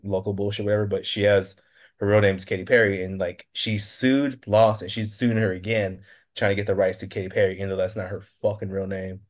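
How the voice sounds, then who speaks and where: A man talking bluntly in a casual podcast chat, swearing freely and laughing often. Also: lowish voice. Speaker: podcast guest.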